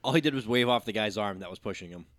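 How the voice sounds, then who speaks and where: A man co-hosting a casual sports podcast, joking and telling quick, excitable stories about his young son. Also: fairly low pitch, dry recording. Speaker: podcast co-host.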